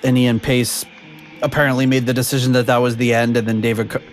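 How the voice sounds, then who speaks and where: A man's voice: medium pitch, level tone, quick pace, faint music behind. A man hosting a podcast in casual chat over a video call, rambling with lots of fillers and frequent laughs. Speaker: podcast host.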